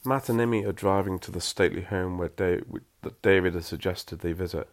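A very deep-voiced man reads a story aloud. He drops into dry, self-mocking asides between passages. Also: fairly quick.

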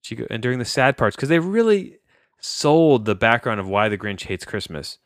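A young adult man reviewing a film in casual chat, rambling, often cutting himself off and getting excited. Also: medium pitch, normal speed, dry recording, studio quality. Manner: rambling, self-interrupting, easily excited. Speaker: podcast movie reviewer.

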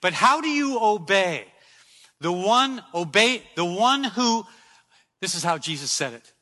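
A man preaches a sermon in a high, very bright voice, hammering home repeated phrases. The sound carries a long hall reverb, as if from a church sanctuary. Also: big pitch swings, measured pace.

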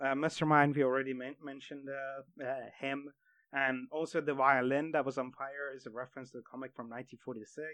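A man in casual podcast chat about a movie, chatty and quick to chip in with trivia, laughing a lot. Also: mid-range voice, little pitch movement, fairly bright tone, no room sound. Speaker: podcast co-host.

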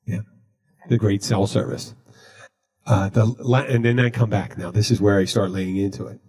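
A man hosting a podcast, telling a story in a casual, deadpan way. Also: fairly low pitch, moderate pace, breathy edge. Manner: deadpan, recounting jokes he told. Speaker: podcast host.

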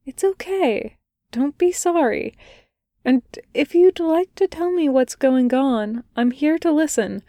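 A woman voicing a calm woman therapist on a late-night call, soft and soothing in a raised, gentle voice. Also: sits high, slow, no echo, voice pushed up, full character voice.

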